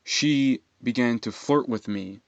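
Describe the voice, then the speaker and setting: A young man telling a rambling personal story in an aggrieved, profane way, halting with fillers. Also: mid-range voice, no echo, muffled recording. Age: young adult. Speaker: vlogger.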